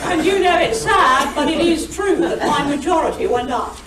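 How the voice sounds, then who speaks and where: A woman's voice: high voice, animated, over a noisy crowd. Witty older woman in an echoey hall. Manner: brisk, witty storyteller, mimics shouted quotes. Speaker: guest speaker. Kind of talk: anecdotal after-dinner talk. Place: meeting hall. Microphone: recorded over a video call. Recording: echoey hall, distant, faint hiss, over video call.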